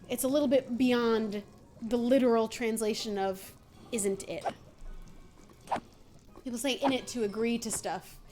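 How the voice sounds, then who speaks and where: A woman's voice: a little high, darkish tone. An American woman streaming a game, chatting casually with viewers in a playful way and laughing often. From United States. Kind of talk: casual gaming stream chat.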